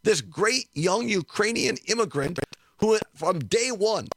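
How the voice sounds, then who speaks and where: A man hosting a radio talk show, telling a story in a chatty, animated way, chuckling often and acting out what people said, from a studio. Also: sits high, unhurried, dry recording. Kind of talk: storytelling chat on air.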